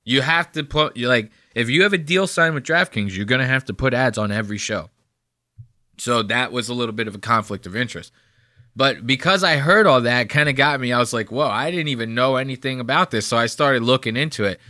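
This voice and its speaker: A man's voice: mid-range voice, a little fast, sharp tone, no echo, studio quality. A man in his thirties from New Jersey, casually ranting and cursing in sarcastic reaction commentary. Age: 30s. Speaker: commentary host.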